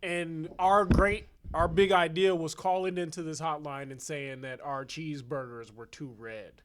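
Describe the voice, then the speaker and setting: A man's voice: on the high side, fairly even intonation, a little slow. A man co-hosting a comedy podcast, telling prank-call memories and riffing on mock ads, with plenty of swearing. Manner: swearing, joking, mock-ad delivery. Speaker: podcast co-host. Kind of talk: casual comedic chat.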